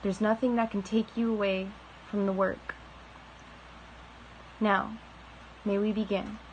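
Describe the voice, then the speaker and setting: Soft-spoken woman reading slowly. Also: medium pitch, little pitch movement, lo-fi sound, slight background noise. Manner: soft, slow and deliberate, drawing out key words. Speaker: reader of a spiritual text. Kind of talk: reading a religious book aloud.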